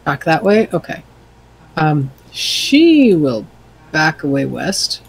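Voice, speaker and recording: A player in a tabletop game, talking slowly and hesitantly with many ums. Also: mid-range voice, sing-song, vocal fry, slightly rough, low-quality recording.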